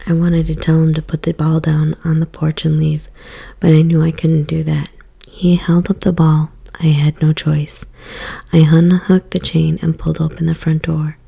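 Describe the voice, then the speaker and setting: Low, husky whispering woman. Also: little pitch movement. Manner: soft, slow whisper. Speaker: storyteller. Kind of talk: whispered ASMR reading.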